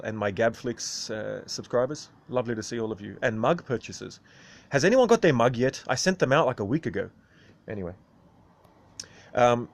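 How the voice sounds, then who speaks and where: A man hosting a casual video monologue, rambling and tagging sentences with "right?". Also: medium pitch. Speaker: video host.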